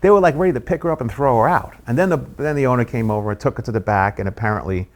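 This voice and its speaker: A middle-aged man, a guest comedian, telling an animated anecdote and acting out the people in it. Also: medium pitch, racing. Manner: animated anecdote-telling, acts out quoted voices. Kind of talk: storytelling chat.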